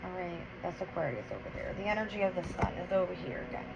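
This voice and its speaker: Counting tarot cards aloud during a casual astrology reading, a woman grows heated, blunt, and profane. She speaks fast in a lowish, animated voice, captured on a dull lo-fi recording with obvious background noise.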